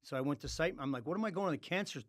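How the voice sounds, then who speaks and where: A man's voice: on the high side, rapid-fire, dry recording, studio quality. A man telling a blunt anecdote on a podcast, acting out the quoted dialogue. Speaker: podcast guest. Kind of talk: casual anecdote.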